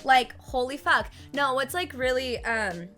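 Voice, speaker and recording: A woman hosting a podcast, talking in an excited, casual way and swearing freely. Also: high voice, unhurried, soft background music. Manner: enthusiastic, swears, talks about spirituality. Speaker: podcast host. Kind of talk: casual chat.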